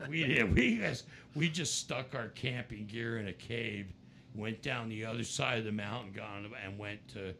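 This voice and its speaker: An American man, a rock musician, telling stories in a casual interview, animated and breaking into laughter and voices. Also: gravelly, a little hiss or hum. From United States. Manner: animated, jumps into high-pitched voices and laughs. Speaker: musician guest.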